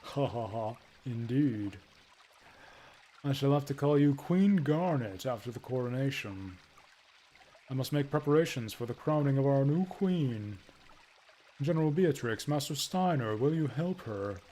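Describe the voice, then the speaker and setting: Guy doing an old tutor guy, slow and formal, kinda chuckly. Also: mid-range voice, expressive, dark tone. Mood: jovial.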